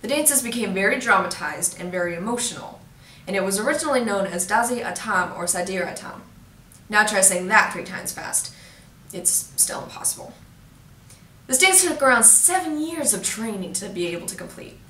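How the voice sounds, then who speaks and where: A woman presenting a jokey crash course, playful and teasing, with quick asides to her viewers. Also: mid-range voice, animated, pushed and bright. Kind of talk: jokey educational explainer. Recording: roomy echo, mic at a distance.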